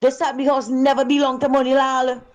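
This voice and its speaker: A woman's voice: sits high, level tone, a little fast, highs cut off. A woman calling in to a show, speaking emphatically and indignantly. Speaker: caller. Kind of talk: call-in political commentary.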